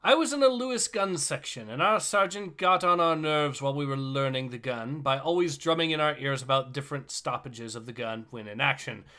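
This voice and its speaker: A man's voice: fairly high pitch, bright, forceful tone. A man co-hosting a story livestream, introducing each story and reading one aloud. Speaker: livestream co-host. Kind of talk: reading stories aloud and chatting.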